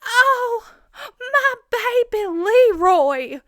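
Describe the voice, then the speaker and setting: A woman voicing an unhinged older mother of a backwoods killer family, gushing and shrill while retelling a horror film. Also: very animated, drawn-out words, a bit bright, heavily acted. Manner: shrill, gushing, over-the-top.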